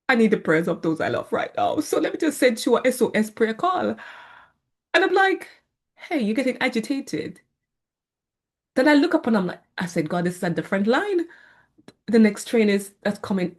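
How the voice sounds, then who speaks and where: A woman, sharing a faith story in casual, animated speech and acting out her own prayers. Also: fairly high pitch. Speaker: faith vlogger sharing a testimony. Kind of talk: casual spoken testimony.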